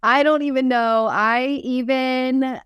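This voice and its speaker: A woman in her twenties, a fitness coach and company founder, chatting casually and quickly in a podcast interview, often laughing. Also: high voice, fairly even intonation, smooth, no echo, dull audio.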